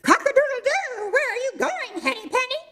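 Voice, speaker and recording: Woman doing a high crowing rooster. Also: big pitch swings, normal speed, bright, forceful tone, in a large hall, heavily acted. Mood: eager. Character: eager rooster, male, chirpy.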